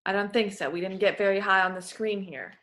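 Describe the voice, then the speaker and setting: A woman's voice: mid-range voice, brisk, a bit bright. A woman working as a voice clinician, giving patient, encouraging step-by-step instructions in a therapy session.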